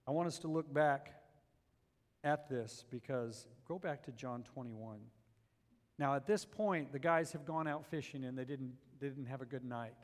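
Impassioned male preacher, echoing church. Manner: impassioned preaching, swinging between loud emphatic rises and quiet low passages. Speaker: pastor. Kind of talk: sermon.

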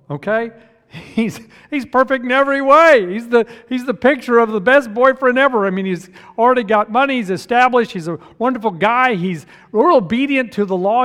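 A man preaching a sermon as pastor in a church, swinging from hushed to loud and emphatic. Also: very high-pitched. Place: church sanctuary. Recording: long reverb of a church hall.

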